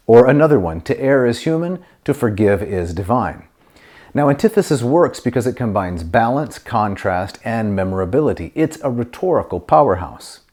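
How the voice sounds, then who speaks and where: A middle-aged man teaching Latin grammar, explaining step by step and reading Latin phrases slowly and clearly. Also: medium pitch, darkish tone. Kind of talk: grammar lesson to camera.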